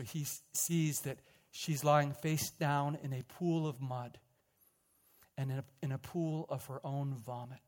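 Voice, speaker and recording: A man from British Columbia, a pastor, telling a story in a sermon and leading a prayer, earnest, with softer, slower passages at tender moments. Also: fairly high pitch. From British Columbia, Canada. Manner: earnest, dropping softer and slower at tender moments, repeating words when stirred.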